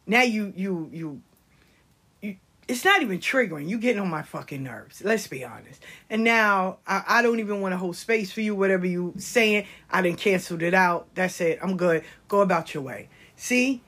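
Husky, passionate middle-aged woman. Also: mid-range voice, normal speed. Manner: passionate, animated, drops to whispered asides. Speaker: speaker sharing life lessons. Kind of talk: conversational monologue.

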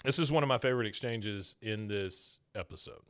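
A man in casual conversation, retelling a cartoon episode scene by scene for a podcast. He laughs often and slips into quick impressions of the characters as he quotes them. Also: lowish voice, fairly bright tone. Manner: laughs often, mimics characters' lines while recapping.

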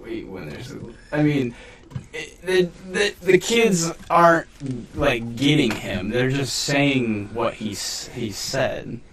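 A podcast co-host with a mid-range voice chats slowly and casually, rambling and hedging with lots of restarts and filler words. He sits far from the mic, somewhat off-axis, with crowd noise around him.

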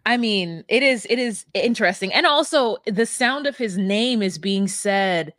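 A woman's voice: medium pitch, animated, a little slow, a bit bright, no room sound, clean studio sound. A woman co-hosting a casual podcast, playful and rambling, sometimes breaking into sing-song asides. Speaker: podcast co-host.

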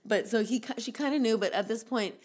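A woman's voice: on the high side, fairly quick, a little mellow. A woman casually recounting a story to a co-host, rambling with many fillers and restarts. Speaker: podcast co-host telling a story.

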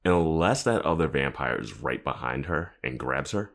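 A man co-hosting a podcast, giving wry, animated commentary in casual chat. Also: rumbling low, normal speed. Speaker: podcast co-host.

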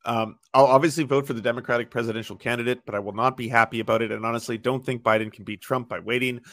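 Man, bright tense voice, playful co-host, dry mic. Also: mid-range voice, steady tone, fast, no room sound. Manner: playful, laughs often. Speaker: podcast co-host reading super chats. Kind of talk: casual panel chat.

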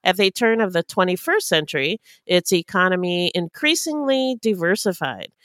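Steady woman reading podcast notes. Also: on the low side, normal speed, no room sound, studio quality. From Arizona. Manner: steady reader, easy laugher. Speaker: podcast co-host. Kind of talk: reading a prepared script, casual chat.

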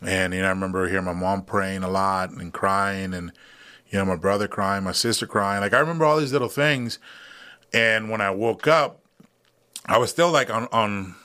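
Low-voiced man telling his story. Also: normal speed, pushed and bright. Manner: rambling, many fillers and restarts. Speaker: guest. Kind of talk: casual interview storytelling.

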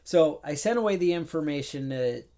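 A man's voice: on the high side, lively intonation, moderate pace, warm tone. A man co-hosting a podcast in casual chat, telling a long story with exasperated asides and acted-out phone calls. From New York. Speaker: podcast co-host.

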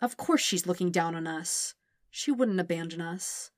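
A woman's voice: mid-range voice, lively intonation, moderate pace, a bit bright, dry recording, studio quality. A woman voicing a sarcastic, protective teenage boy warrior who sounds emotional and sometimes grumbling. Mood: wry.

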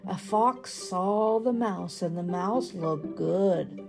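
A woman reading a children's picture book aloud, slowly and expressively. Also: lowish voice, vocal fry, soft background music. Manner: slow, lively and expressive. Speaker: storybook reader.

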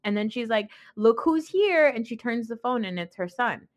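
A woman's voice: fairly high pitch, a little fast. A young adult woman hosting a podcast, giving a blunt, opinionated recap in casual commentary and swearing freely. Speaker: podcast host.

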